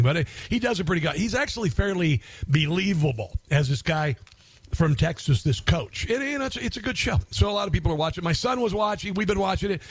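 A man's voice: a little high, dry recording. A middle-aged man hosting a political talk radio show, rambling and sarcastic, with many fillers as he comments over a clip.

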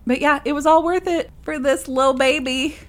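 A woman's voice: sits high, moderate pace. Chatty young woman telling a story. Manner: animated storyteller, acts out quoted voices. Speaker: podcast co-host. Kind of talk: casual chat.

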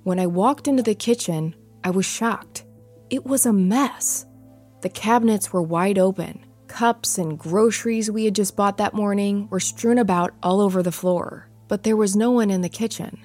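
A woman's voice: mid-range voice, moderate pace, darkish tone. Woman narrating a suspenseful ghost story. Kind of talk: scripted first-person narration of a ghost story. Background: faint music.

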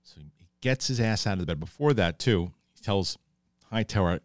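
Male host, low voice, dry close sound; casual, profane, excitable recap of a TV episode. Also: normal speed, dry recording. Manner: profane, excitable retelling with acted-out quotes. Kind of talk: casual spoken TV episode review.

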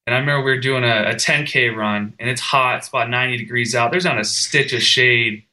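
A man's voice: medium pitch, quick pace, pushed and bright, rough recording. A young man telling an earnest, emotional personal story as a firefighter guest in a podcast conversation.

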